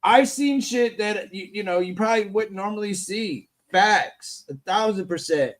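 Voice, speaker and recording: Man, high voice, live stream host, emphatic and profane, reads the chat aloud. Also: moderate pace, crowd noise.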